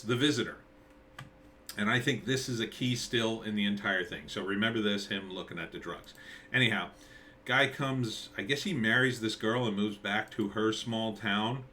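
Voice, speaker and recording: At home with a dog nearby, a middle-aged screenwriter rambles casually through commentary on a movie trailer, thinking aloud with plenty of fillers and restarts. His voice is on the low side, pushed and bright, with slight background noise.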